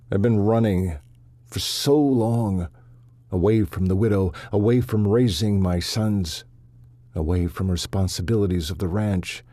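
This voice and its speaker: A man's voice: lowish voice, warm tone, dry recording, clean studio sound, natural voice. A man playing a remorseful rancher father. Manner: earnest, anguished pleading. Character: remorseful middle-aged rancher father, torn and impulsive.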